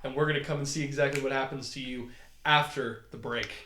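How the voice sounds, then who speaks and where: A man's voice: mid-range voice, steady tone, fairly quick, crowd noise. A man from Canada running a tabletop role-play game as the storyteller, narrating in a laid-back, conversational way. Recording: roomy with faint noise.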